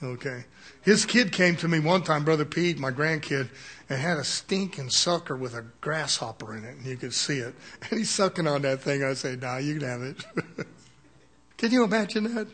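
High-voiced older preacher, folksy. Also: male voice, lively intonation, moderate pace, a bit bright. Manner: folksy, chuckling, punctuates with "Amen?". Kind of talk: sermon.

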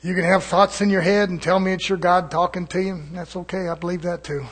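Fervent husky preacher. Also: male voice, sits high, level tone, brisk. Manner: fervent, swings from shouting to hushed murmurs. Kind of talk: evening sermon. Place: church.

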